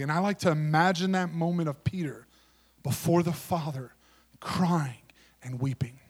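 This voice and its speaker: A male preacher giving a sermon in an emphatic way, rising to loud declarations and dropping to hushed tones. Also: sits high.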